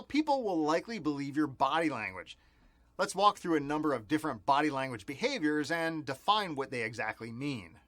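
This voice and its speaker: A man's voice: a little high, fairly bright tone, no echo. A man giving a scripted training lesson as instructor, with an explanatory, emphatic delivery.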